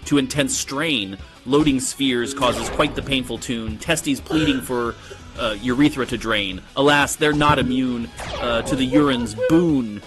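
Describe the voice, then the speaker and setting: A man's voice: mid-range voice, close to an everyday voice. A synthetic male voice playing a snide, pompous AI poet chatbot that recites verse and scoffs sarcastically, with game music behind. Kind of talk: synthetic chatbot voice reading viewer prompts.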